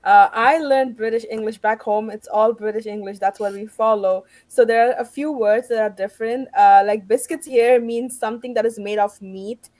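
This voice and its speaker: A woman's voice: fairly high pitch, steady tone, normal speed, few pauses, a little mellow, dry recording. A woman talking casually on a panel, explaining how words differ between places. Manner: explanatory, compares word meanings. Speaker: international student guest.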